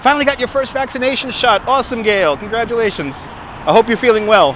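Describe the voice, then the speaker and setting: A man's voice: extremely high pitch, fairly quick, a bit bright, a little hiss or hum. A man with a Brooklyn accent hosting a casual live stream on a city waterfront, chatting, laughing often and thanking donors, recorded on a phone on a gimbal. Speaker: livestream host.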